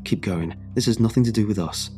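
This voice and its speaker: A man's voice: fairly low pitch, fairly quick, a little mellow, faint music behind, lightly acted. A man voicing a curt team leader who brushes off his crew's worries in a horror story. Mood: dismissive. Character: dismissive male team leader, uneasy.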